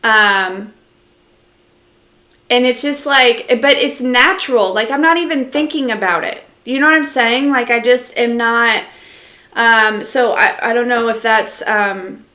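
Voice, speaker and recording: A woman with a slightly high voice speaks at a measured pace, her tone sharp, in an echoey room. She's an intuitive reader on a casual live stream, rambling through a channeled message full of fillers while talking directly to viewers and replying to their comments.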